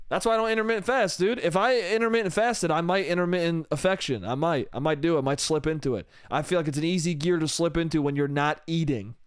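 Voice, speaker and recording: A man's voice: fairly high pitch, fast talker, few pauses, clean tone, no echo, clean studio sound. A man hosting a solo comedy podcast, rambling profanely and mocking himself in a casual monologue.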